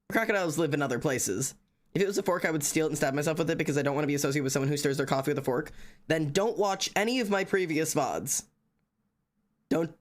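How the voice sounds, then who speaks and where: A tired streamer, chatting casually on a live stream, rambling, joking and swearing a lot. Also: mid-range voice. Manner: profane, rambling, jokey.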